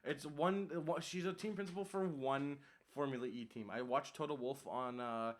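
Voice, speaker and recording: A man's voice: medium pitch, moderate pace. Chatty young man co-hosting a podcast. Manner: chatty, laughing often, filler-heavy. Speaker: podcast co-host. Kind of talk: casual chat.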